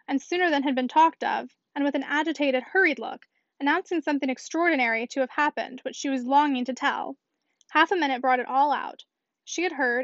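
Woman audiobook narrator, high voice, dry dull recording. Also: a bit bright, no room sound. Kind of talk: scripted narration.

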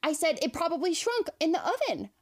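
Chatty woman podcast host telling a story. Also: extremely high pitch. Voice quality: fast, chatty, packed with "like" fillers. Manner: animated, incredulous, laughs often. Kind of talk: casual storytelling chat.

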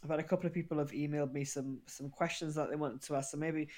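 A woman's voice: sits low, steady tone, fast talker, darkish tone. A young woman co-hosting a casual podcast, teasing and swearing playfully. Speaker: podcast co-host.

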